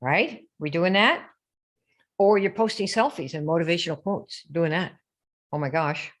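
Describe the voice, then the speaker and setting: A woman's voice: lowish voice, normal speed. A woman running a live online sales coaching session, peppering listeners with questions and mocking typical sales posts. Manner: rhetorical, keeps asking the audience questions; mocking sing-song when quoting sales posts.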